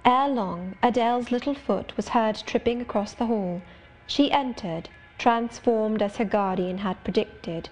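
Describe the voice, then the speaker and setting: A woman narrating an audiobook of a classic novel, in clear, steady storytelling. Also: fairly high pitch, a little slow. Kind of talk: scripted narration.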